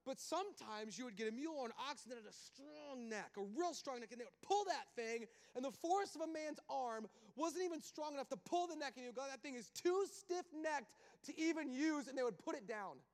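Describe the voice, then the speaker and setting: High-voiced preacher in a reverberant hall. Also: male voice, fairly quick, hardly any pauses. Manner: animated, conversational storytelling with asides. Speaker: pastor. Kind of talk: sermon.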